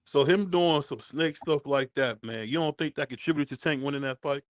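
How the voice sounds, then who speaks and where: A man hosting a casual sports talk show, relaxed and conversational, often tagging his sentences with "man.". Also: a little high, fairly quick, no room sound, studio quality.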